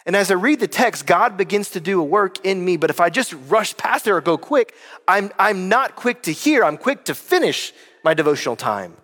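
High-pitched guy preaching, lots of questions to the room, big echoey church hall. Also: animated, normal speed, fairly bright tone. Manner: conversational, emphatic preaching with rhetorical questions. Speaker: pastor. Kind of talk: sermon. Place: church sanctuary.

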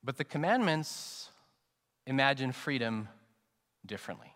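A man preaches a sermon with dynamic delivery, climbing to loud, emphatic peaks and then dropping to soft, low endings. His voice sits at an ordinary pitch for a man. It rings out with the long reverb of a church sanctuary. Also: very animated, unhurried. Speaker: pastor.

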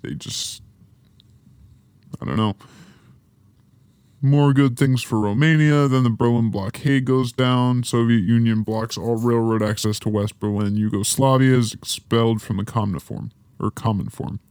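A man's voice: medium pitch, steady tone, normal speed, a little mellow, clear, resonant tone, dry recording. A man hosting a podcast, reading through a history timeline and breaking off with offhand, joking asides. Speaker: podcast host. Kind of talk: casual podcast history rundown.

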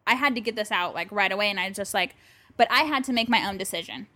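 A woman's voice: medium pitch, fast, pushed and bright, no room sound. A woman co-hosting a podcast in casual chat, telling a story with animation and acting out both sides of a phone call. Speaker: podcast co-host. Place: bedroom.

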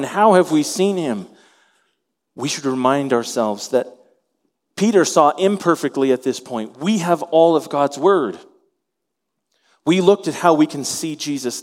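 A man preaching a sermon, animated, acting out the voices of the people in his story. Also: medium pitch, big-room sound. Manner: animated, acts out voices in quotes. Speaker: pastor.

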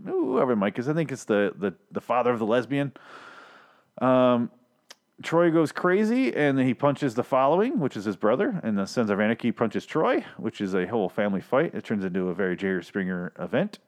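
A man's voice: mid-range voice, very animated, brisk. Profane ranting man recapping a show. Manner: profane, ranting, rambling with restarts; self-deprecating asides. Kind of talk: casual episode recap.

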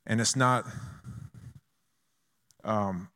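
Man preaching a lively sermon. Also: on the low side, drawn-out words. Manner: lively, conversational preaching with call-and-response. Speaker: pastor.

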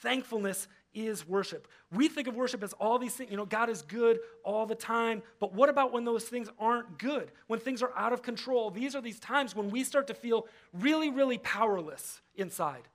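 A man's voice: very high-pitched, moderate pace, few pauses. A man pastor giving a casual, conversational sermon, often acting out the voices he quotes. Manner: conversational, acts out quoted voices, frequent fillers. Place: church.

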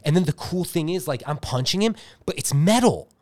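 A man's voice: on the high side, expressive, brisk, darkish tone. A man co-hosting a podcast, improvising a comic story in a rambling, filler-heavy, self-interrupting way. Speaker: podcast co-host.

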